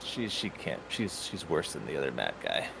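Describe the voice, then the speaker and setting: A man running a tabletop game as game master, relaxed and laughing as he describes scenes and rules. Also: a bass voice, moderate pace, vocal fry, background noise.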